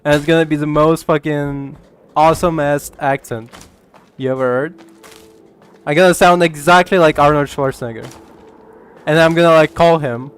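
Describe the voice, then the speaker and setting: A man's voice: fairly high pitch, steady tone, moderate pace, pauses often, clean tone. A young man from Ukraine streaming a game, chatting casually in a rambling way, stammering, and swearing freely. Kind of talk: casual gaming chat.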